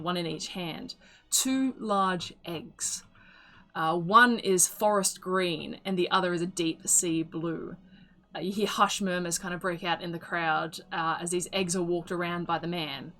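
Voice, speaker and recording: A woman's voice: on the low side, pushed and bright. A woman narrating a tabletop game as game master, chatty and loose, with many fillers and laughs.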